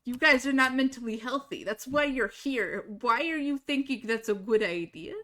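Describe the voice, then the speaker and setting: Casting: blunt, animated woman streamer with a bright voice, chatting while she plays. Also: a little high, moderate pace. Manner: blunt, swears freely, animated storyteller. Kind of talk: casual chat while gaming.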